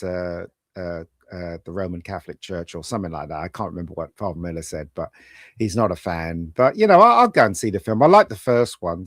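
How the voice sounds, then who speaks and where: A man co-hosting a casual pub chat, rambling through animated opinions. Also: low voice, no room sound, studio quality. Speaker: co-host.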